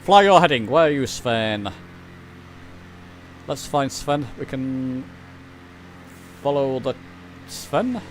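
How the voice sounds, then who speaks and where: A man's voice: mid-range voice, animated, slow, long pauses, a little hiss or hum. A man chatting casually while streaming a flight simulator, rambling and reading chat aloud. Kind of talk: casual live-stream commentary.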